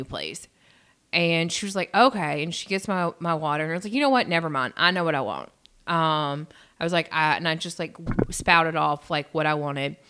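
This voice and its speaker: A woman co-hosting a casual podcast, telling a story with lively energy. Her voice sits on the lower side and sounds smooth and clear. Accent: regional accent. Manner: animated storyteller, acts out quotes. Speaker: podcast co-host.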